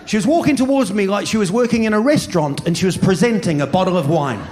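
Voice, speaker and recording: A male stand-up comedian telling a story on stage with an animated delivery and sudden loud shouts, recorded on a handheld mic. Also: high voice, fast. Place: comedy stage before a live audience. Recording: live show with crowd laughter and hum.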